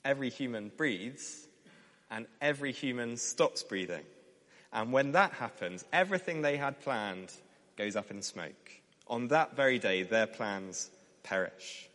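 A man preaching a sermon, reading scripture with emphatic rises and letting his phrase ends drop low. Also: expressive, unhurried, a bit bright, in a large hall.

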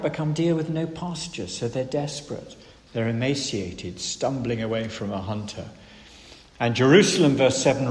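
A man preaching an expository sermon, earnest, moving between emphatic stresses and hushed, grave lines. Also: medium pitch. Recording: reverberant hall, faint room ambience.

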